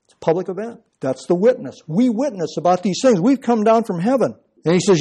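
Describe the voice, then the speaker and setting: A man's voice: sits high, expressive, a little fast, dark tone, husky. A man preaching an expository sermon and explaining verse by verse with emphatic stress. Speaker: pastor.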